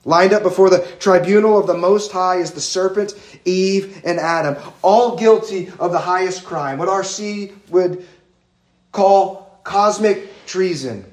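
A man's voice: sits high, measured pace. Earnest preaching man in an echoey room. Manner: earnest, emphatic, builds lists of words one at a time. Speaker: pastor. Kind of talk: expository sermon.

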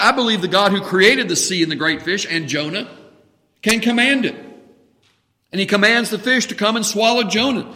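A man's voice: sits high, fairly bright tone, big-room sound. A man preaching a sermon, earnest and building to emphatic commands.

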